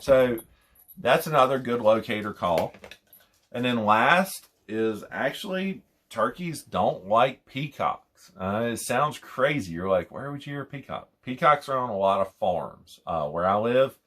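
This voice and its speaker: A young hunting call instructor speaks a little slowly, his medium-pitched voice fairly bright with lively intonation. He casually explains and demonstrates calls, rambling, repeating phrases and mimicking owl hoots.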